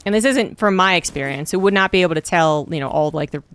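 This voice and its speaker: A woman from Virginia with a Mid-Atlantic American accent, chatting casually as a gaming streamer and swearing freely while she thinks out loud. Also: on the low side, fast, slight background noise.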